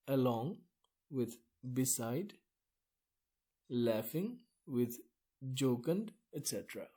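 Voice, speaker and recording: A man giving a poetry lesson, explaining slowly and deliberately, with pauses between phrases. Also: fairly high pitch, mellow. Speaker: literature teacher.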